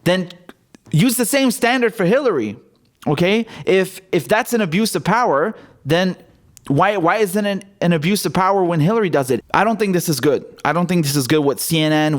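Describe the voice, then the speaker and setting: A man hosting his own political commentary show, ranting in a blunt, sarcastic and heated way, sometimes swearing. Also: sits high.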